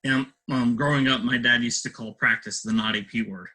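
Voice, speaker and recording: A man's voice: mid-range voice, fairly even intonation, brisk, bright, forceful tone, low-quality recording. A man hosting a podcast interview, asking long, rambling questions full of fillers.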